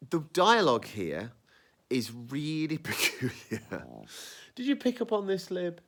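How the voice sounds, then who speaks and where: A man hosting a casual review podcast, animated and rambling, often breaking off mid-sentence. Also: on the high side, unhurried. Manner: animated, rambling, self-interrupting. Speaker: podcast host.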